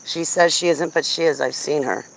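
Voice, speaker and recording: Gravelly-voiced woman chatting outdoors. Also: deep voice, moderate pace. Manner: blunt, chatty storytelling with frequent laughs. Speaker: vlogger. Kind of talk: casual rambling chat. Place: outdoors walking a dog.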